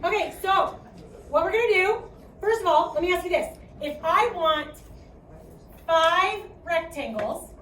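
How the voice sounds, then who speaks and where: A woman's voice: extremely high pitch, expressive, measured pace, a bit bright, a little hiss or hum. A woman with a Chicago accent teaching a math class, projecting her voice and often checking in with "okay?". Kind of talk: classroom lecture. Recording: echoey classroom, distant mic.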